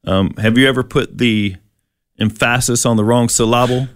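Relaxed man teaching scripture. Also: mid-range voice. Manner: reads scripture slowly, relaxed and chatty. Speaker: co-host. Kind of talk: conversational Bible teaching.

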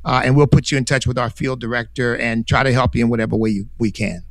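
A man's voice: medium pitch, steady tone, fast talker, dry recording. Man on talk radio answering callers, fired up and emphatic, dry studio mic. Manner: emphatic, fervent, restarts often. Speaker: guest commentator on radio show. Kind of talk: call-in radio commentary.

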